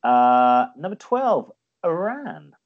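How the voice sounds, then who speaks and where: A man leads a casual podcast quiz, his voice swinging widely in pitch as he jokes and trips over his own answers. The recording sounds dull and lo-fi. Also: very animated, slow. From Ireland. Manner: jokey, self-correcting quizmaster. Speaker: podcast co-host running a quiz. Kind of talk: casual chat. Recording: dull lo-fi audio.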